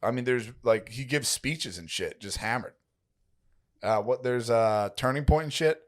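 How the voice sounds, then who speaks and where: A man's voice: medium pitch, unhurried. A man co-hosting a podcast in casual chat, blunt and crude in an offhand way. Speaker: podcast co-host.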